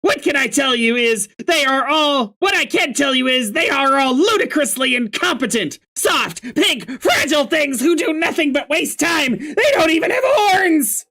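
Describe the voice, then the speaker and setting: A reader voicing a hot-tempered young male troll who shouts and rants in exasperation. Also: sits high, big pitch swings, moderate pace, hardly any pauses, voice pushed up, full character voice. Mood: angry ranting.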